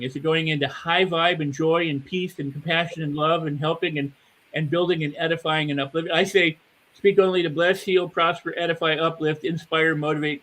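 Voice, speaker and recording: An older man speaking as a mindset coach on a panel, animated and acting out the inner voices of his listeners. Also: fairly high pitch, rough recording. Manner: animated, acts out inner voices, repeats words. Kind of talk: motivational panel talk.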